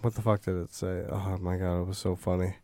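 Deadpan man on a podcast. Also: sits low, fairly quick, no room sound. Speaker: podcast co-host. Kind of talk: casual chat.

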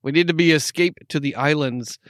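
A man with an upstate New York accent, co-hosting a casual podcast. His voice sits a bit high, and it is recorded close and dry. He jokes, laughs a lot and trips over restarts. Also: brisk, fairly bright tone, no echo. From New York State. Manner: jokey, laughs often, rambling restarts. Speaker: podcast co-host. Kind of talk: casual chat.

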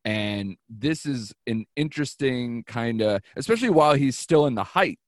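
A man hosting a casual film review chat, digressive, with quick laughing asides. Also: mid-range voice, lively intonation, no room sound, studio quality. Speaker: podcast host.

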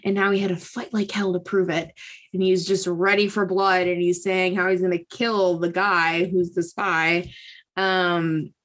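A woman's voice: on the low side, flat delivery, a little slow, a bit bright. A woman recapping a book in casual chat. She talks in a loose, sarcastic way, full of fillers and asides. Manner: chatty, sarcastic, lots of "like" and "um". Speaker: podcast host.

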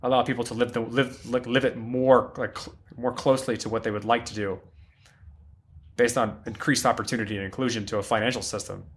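A man's voice: mid-range voice, level tone, a little fast. A man co-hosting a podcast roundtable, arguing his point earnestly and often restarting his sentences. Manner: earnest and argumentative, frequent self-restarts. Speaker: podcast co-host. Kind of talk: roundtable debate.

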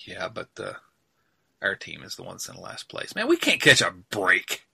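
Bright, joking male podcast host. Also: low voice, wildly swooping pitch, moderate pace, creaky, breathy edge. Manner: joking, laughs at himself, rambling asides. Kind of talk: casual sports podcast chat.

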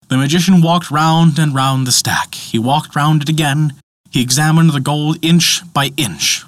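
A man narrating a myth in a dramatic, expressive storytelling style. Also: a little high, unhurried, no room sound, clean studio sound.

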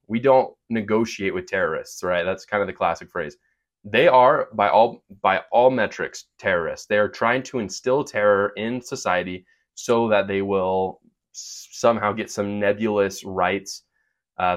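A man hosting a podcast, speaking earnest, opinionated commentary with quick asides and fillers. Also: lowish voice. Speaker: podcast host. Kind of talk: opinion monologue with sponsor read.

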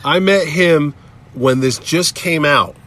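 A man, a podcast host, chatting casually and telling animated stories, acting out other people in shifting voices. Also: on the high side, slow. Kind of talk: casual chat, animated storytelling.

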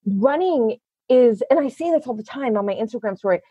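A young woman hosts a casual podcast chat in a bubbly, giggly way, often losing her thread mid-sentence. Her voice sits high, and the sound is close and dry with no room around it. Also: lively intonation, brisk, warm tone, slightly rough, no echo, dull audio. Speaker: podcast host.

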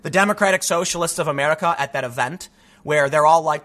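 Guy ranting on his commentary show, sarcastic and mocking, bright sharp voice. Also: on the high side, quick pace. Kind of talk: opinion commentary monologue.

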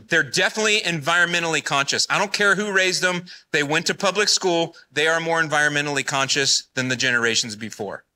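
A man's voice: on the high side, sharp tone. A man giving a live talk at a business conference, speaking in a blunt, folksy and fired-up way. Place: conference hall.

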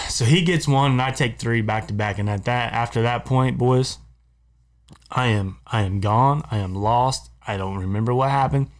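A man's voice: medium pitch, normal speed. A man co-hosting a podcast in a studio, telling a long casual story among friends, rambling, repeating himself and laughing as he goes. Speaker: podcast co-host.

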